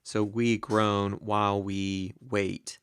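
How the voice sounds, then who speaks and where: A man teaching the Greek grammar of a Bible passage, slow and deliberate, with many ums and uhs. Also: lowish voice, level tone, a bit bright, smooth, no room sound.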